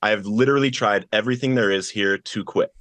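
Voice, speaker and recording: A man's voice: fairly low pitch, fast talker, fairly bright tone, dry recording. A man as a podcast guest, earnestly telling his personal testimony and acting out the voices of the people in his story.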